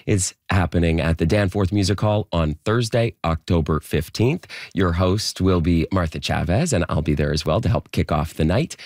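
Male radio host, low voice, upbeat and chatty, dry studio sound. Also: darkish tone, dry recording. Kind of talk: morning radio show. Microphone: studio microphone.

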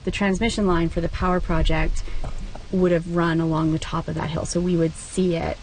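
A woman's voice: on the low side, flat delivery, moderate pace, darkish tone, faint music behind. A woman rancher talking casually and earnestly in an outdoor interview on her ranch. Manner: earnest, heartfelt, conversational with fillers.

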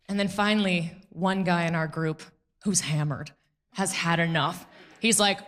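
A young woman doing stand-up comedy, telling stories in an animated, sarcastic way. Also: on the low side, a little slow.

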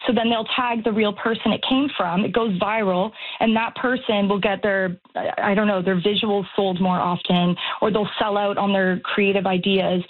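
A woman's voice: medium pitch, steady tone, moderate pace, few pauses, phone-quality sound. A woman calling in to a radio talk show, speaking earnestly with frequent restarts. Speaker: caller. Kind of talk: radio call-in chat.

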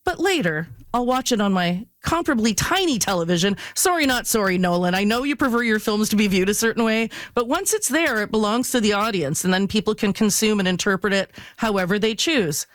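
A woman's voice: medium pitch, lively intonation, a little fast, hardly any pauses, dry recording. A woman, a film and TV critic giving an enthusiastic, wry review in casual chat.

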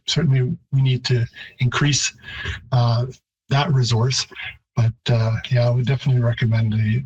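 A man with a husky voice explains pronunciations with great care, pausing and restarting often. His pitch stays flat and even throughout, in the manner of a professor answering on a radio show. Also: dull audio. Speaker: linguistics professor guest.

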